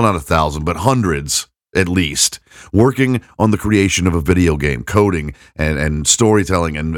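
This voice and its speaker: A middle-aged man with a very low voice tells a long, rambling story, mocking himself and laughing along. It sounds dry and close, with no room around him. He is a podcast host talking casually. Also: no echo.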